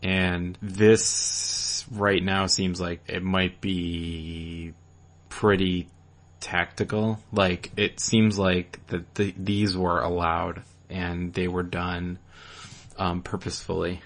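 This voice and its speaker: A young man with a low, deep voice co-hosting a gaming chat show. He talks in a loose, rambling way, circling back on himself and dropping casual swears as he goes. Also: level tone, slow pace. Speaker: podcast co-host.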